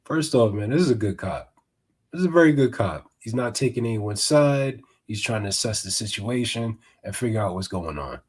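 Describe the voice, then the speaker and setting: A man hosting a podcast, giving animated, mocking reaction commentary. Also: lowish voice, normal speed, noisy background. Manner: animated, mocking, swings between mutters and outbursts. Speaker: podcast host.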